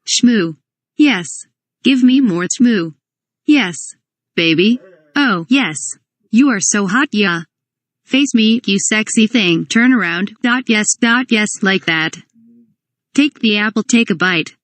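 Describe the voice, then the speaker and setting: A woman voicing a sleazy, excitable male fashion photographer with a cheesy put-on European accent and laughter in his voice. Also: medium pitch, normal speed, no echo, close to an everyday voice. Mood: leering.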